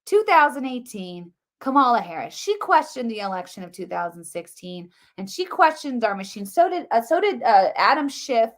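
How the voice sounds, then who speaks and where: On her live political commentary stream, a woman speaks fast and with heavy emphasis, her voice a little high and very animated. She circles back over the same points and leans constantly on the filler "like".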